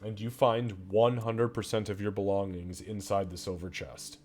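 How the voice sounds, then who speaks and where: Low-voiced man narrating a tabletop game. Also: level tone, moderate pace, a little mellow, faint music behind. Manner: vivid, profane storyteller. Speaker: game master.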